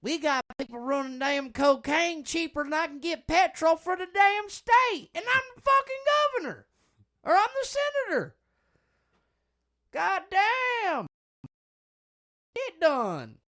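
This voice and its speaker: A man voicing a loud drawling male Southern politician with a put-on Louisiana twang, high and shouting. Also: very animated, measured pace, long pauses, full character voice. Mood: ranting.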